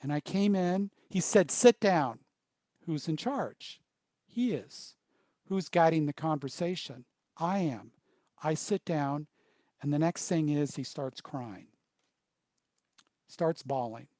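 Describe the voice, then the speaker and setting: A man leading a workshop, telling stories in short, paused phrases. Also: fairly high pitch, dark tone, dry recording. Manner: storytelling, pausing in short phrases. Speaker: workshop trainer. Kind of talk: workshop presentation.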